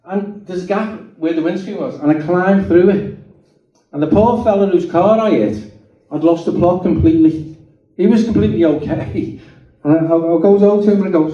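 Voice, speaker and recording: Dark-voiced man telling his story. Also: on the high side, moderate pace. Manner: chatty, checks in with the audience, frequent restarts. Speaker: guest speaker giving a testimony. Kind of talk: personal testimony storytelling. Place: meeting hall. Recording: roomy hall, distant mic, dull sound.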